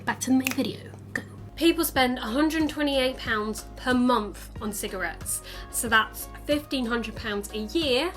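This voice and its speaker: Young English woman, vlogger, chatty and earnest, mid-pitch, faint music bed. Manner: chatty, earnest, with small laughs. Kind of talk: casual talk to camera.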